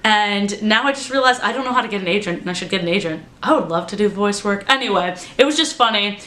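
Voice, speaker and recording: A young woman vlogger chatting casually and excitedly, with lots of "like" as she recounts her day. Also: medium pitch, fast. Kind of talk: casual vlog recap. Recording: roomy echo.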